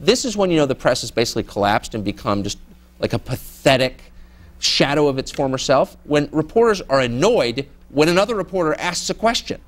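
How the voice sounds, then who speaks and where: In a frank Q&A with students, this middle-aged journalist guest is sardonic and mimics others in mocking voices. His voice is a little high and sing-song, and his delivery is fairly quick.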